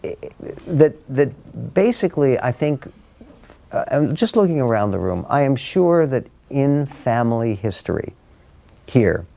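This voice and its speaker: A man's voice: mid-range voice, big pitch swings, a little slow, creaky, mellow. An older man speaking as an author to a room of listeners, telling family stories in a rambling, wry, conversational way with frequent ums and restarts. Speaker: author giving a book talk. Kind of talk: conversational storytelling talk to an audience. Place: room with a live audience.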